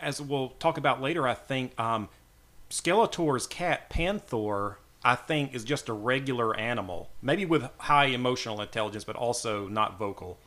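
Co-host, mid pitch, wry teasing manner, casual chat. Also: normal speed, fairly bright tone.

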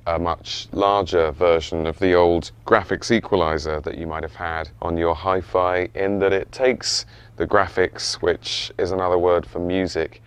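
A low-voiced, smooth-toned young music producer in a TV sitcom, droning self-importantly through a technical explanation. He tries hard to sound impressive and keeps the words flowing. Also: little pitch movement, a little slow. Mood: pompous. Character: awkward, boastful young male music producer.

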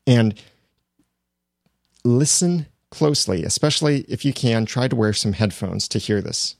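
A man explaining podcast recording in a relaxed, conversational teaching manner, close to a studio microphone. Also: mid-range voice, a little slow, gravelly, no room sound. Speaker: podcasting instructor. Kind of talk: instructional explainer. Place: small home studio room.

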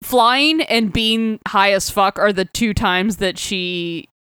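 A woman's voice: medium pitch, takes it slowly, pushed and bright, smooth, no echo, studio quality. A woman recapping a book in casual chat, swearing freely and acting out quotes in a raised voice. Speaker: podcast co-host.

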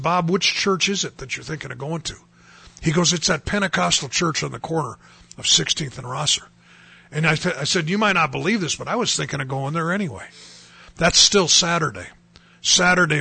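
A man's voice: on the high side, vocal fry, pushed and bright, breathy edge. A man from North Dakota telling his personal testimony in an earnest storytelling way that rises to emphatic bursts. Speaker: testimony speaker.

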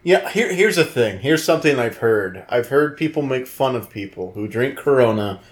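A man co-hosting a podcast in casual, joking chat with quick asides. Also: mid-range voice, expressive. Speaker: podcast co-host.

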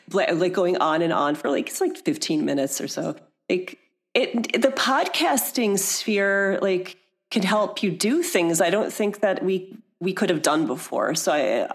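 Lively, chatty woman guest. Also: on the low side. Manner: chatty, laughing, self-deprecating, trails off mid-sentence. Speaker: podcast guest, aromatherapy business owner. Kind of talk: casual interview chat.

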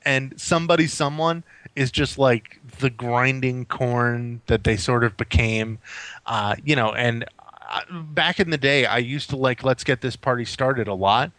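A man's voice: medium pitch, a little slow, fairly bright tone, no room sound. A man co-hosting a podcast, chatting casually about an album with lots of "um" and "like" and casual swearing. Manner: rambling, frequent "um" and "like", swears casually. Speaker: podcast co-host. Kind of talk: casual music review chat.

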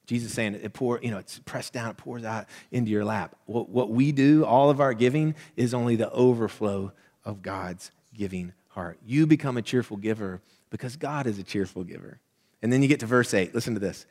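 A middle-aged man preaching a sermon as pastor, conversational and animated, checking in with the congregation as he goes. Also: medium pitch, a little fast. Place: church sanctuary. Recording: long hall reverb.

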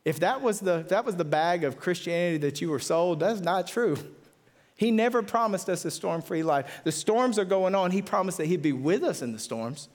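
A man preaching an impassioned sermon in a fairly high voice. He repeats phrases for emphasis and asks the listeners questions directly. His delivery climbs to excited, high peaks. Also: normal speed. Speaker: pastor.

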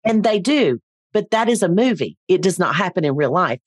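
Animated woman, dry close sound. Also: on the low side, brisk, no room sound. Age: middle-aged. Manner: chatty, animated storyteller, playful asides. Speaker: speaker coach guest. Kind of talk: casual interview.

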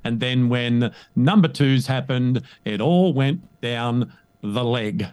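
A man speaking as a coach in a conversational interview, emphatic and animated, often checking in with "right?". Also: mid-range voice, slow, clean tone, no room sound. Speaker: guest, leadership coach.

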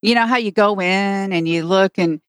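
A woman's voice: medium pitch, normal speed, clean tone, dry recording, clean studio sound. A woman co-hosting a podcast, telling a rambling story in casual chat and acting out the lines of the people in it. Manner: rambling storyteller, acts out quotes. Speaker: podcast co-host.

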